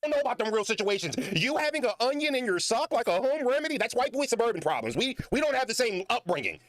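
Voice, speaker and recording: A man's voice: extremely high pitch, sing-song, fast talker, no room sound. A man on a played livestream, arguing in a confrontational, defensive way. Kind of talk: heated livestream argument.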